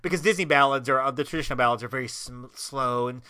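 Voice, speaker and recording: Male co-host, bright dry close-mic sound, upbeat and gushing. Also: medium pitch, fast, clear, resonant tone, no room sound. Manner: enthusiastic, gushing. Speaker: podcast co-host. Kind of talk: casual chat.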